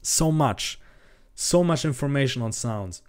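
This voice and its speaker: A man's voice: mid-range voice, expressive, measured pace, darkish tone. A man chatting on a livestream in a casual, profane, ranting way that grows heated. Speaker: streamer. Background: faint background music.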